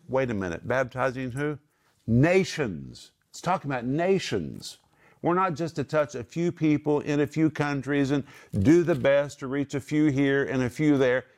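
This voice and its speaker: A middle-aged man gives Bible teaching in an emphatic, preacherly way. His pitch sits in a typical male middle range, and he drags out certain words for weight. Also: expressive, darkish tone. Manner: emphatic, slows down to stress key words. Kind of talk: Bible teaching with scripture quotes.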